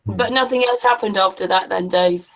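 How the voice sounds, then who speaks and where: A woman's voice: medium pitch, normal speed. A woman hosting a casual podcast chat, asking teasing, friendly questions.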